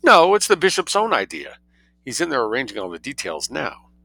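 A man voicing a suave, mischievous young man who spins outrageous tales with cool calm. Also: mid-range voice, fairly quick, creaky, dry recording, voice pushed up, heavily acted. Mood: sly, unruffled.

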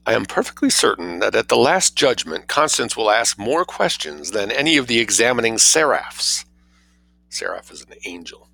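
A man reading a story aloud as audiobook narration, in an expressive, wry storytelling manner. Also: lowish voice, moderate pace, gravelly, poor audio. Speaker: reader.

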